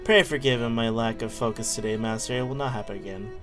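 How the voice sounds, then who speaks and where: A man reading as a quiet, defiant dancer woman. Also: medium pitch, quick pace, music in the background, close to an everyday voice. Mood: guarded.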